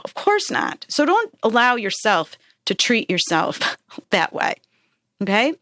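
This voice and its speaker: A woman's voice: mid-range voice, fairly bright tone, no room sound. Woman podcast host giving pep-talk self-help advice, earnest and encouraging, dry close mic. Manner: encouraging, earnest, frequent "right?" and "okay?".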